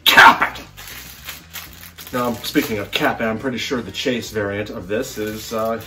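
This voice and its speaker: A middle-aged man chatting casually at home about his collecting, rambling and joking, with sudden excited bursts. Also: on the low side, normal speed, distant mic, music in the background. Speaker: collector vlogger. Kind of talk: casual chat to camera.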